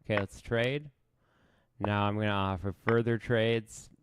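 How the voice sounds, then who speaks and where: Slow-talking man thinking aloud over chess. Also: fairly low pitch, fairly even intonation, noisy background. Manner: thinks aloud while playing, self-mocking. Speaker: chess streamer. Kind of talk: casual live game commentary.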